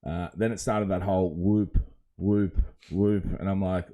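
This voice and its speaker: An Australian man co-hosting a casual podcast, telling a rambling story with lively quoted voices and chuckles. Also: sits low, a little slow. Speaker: podcast co-host. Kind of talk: casual chat.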